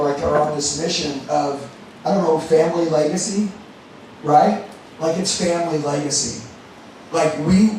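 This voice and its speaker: A man's voice: on the high side, a little mellow, a little hiss or hum. A man giving a blunt, profane, fired-up motivational talk to a group at an indoor meetup. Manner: blunt and profane, rallying the room. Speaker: event host speaking to a group. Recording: echoey room, mic far off.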